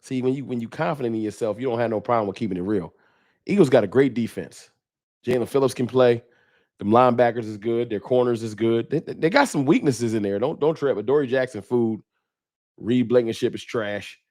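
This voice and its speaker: A man hosting a fan livestream, talking trash in a preachy, animated way and reading viewer chats aloud. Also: medium pitch, a little fast. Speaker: sports fan show host.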